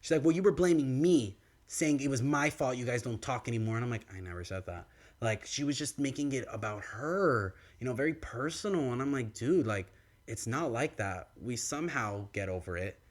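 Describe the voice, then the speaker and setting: A young man co-hosting a podcast, telling a story in casual chat and acting out the quoted lines of others. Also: fairly quick. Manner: animated, acts out quoted dialogue with big pitch swings. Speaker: podcast co-host. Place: podcast studio.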